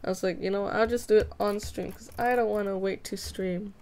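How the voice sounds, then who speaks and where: A woman's voice: mid-range voice, fairly even intonation, brisk, a little mellow, clean tone. Giggly young woman streamer chatting casually. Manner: playful, giggly, self-mocking, mock-dramatic. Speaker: streamer drawing fan art. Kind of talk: casual live-stream chat while drawing.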